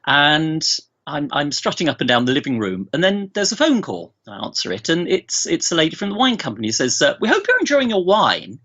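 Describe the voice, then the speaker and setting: A man's voice: on the high side, sing-song, fairly quick, bright, forceful tone, dull audio. A middle-aged man, a guest on a podcast, telling family anecdotes in a rambling way with many restarts. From England. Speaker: guest, bereaved father. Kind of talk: remote podcast interview.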